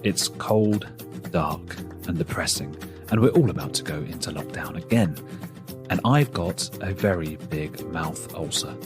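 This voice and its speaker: A man's voice: low-pitched, measured pace, over music. A man hosting a podcast, giving a chatty, rambling solo introduction with self-deprecating asides. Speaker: podcast host.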